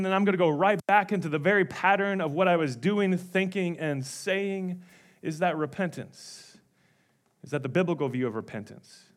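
Animated high-voiced male pastor. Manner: animated storytelling with sudden drops to quiet. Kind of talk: sermon.

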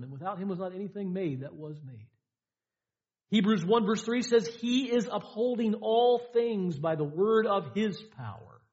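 Male pastor preaching, high voice, repetitive emphatic delivery, dull lo-fi sound. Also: darkish tone. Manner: emphatic preaching with repeated lines and dramatic pauses. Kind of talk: sermon. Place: church sanctuary.

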